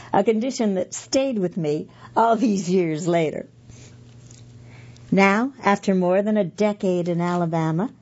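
A woman with a husky, fairly low voice reads a magazine aloud at an unhurried pace, describing pictures in careful detail. She stops now and then to correct herself. The recording is a bit dull and lo-fi. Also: a little mellow. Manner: slow, careful reading with hesitant fillers and self-corrections. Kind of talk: reading aloud and describing photos.

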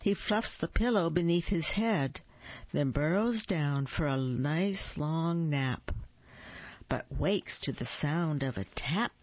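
Slow, gentle woman reading aloud. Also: low-pitched, animated, no echo. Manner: slow, gentle, asks young listeners questions. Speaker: storyteller reading picture books. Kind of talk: children's read-aloud. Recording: dull lo-fi dry recording.

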